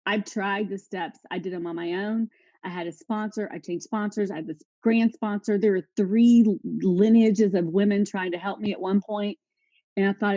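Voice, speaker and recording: A woman's voice: mid-range voice, fairly even intonation, normal speed, mellow, no echo, dull audio. Candid woman sharing her recovery story. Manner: candid and emotional, addressing the audience directly. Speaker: recovery speaker. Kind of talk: personal testimony talk.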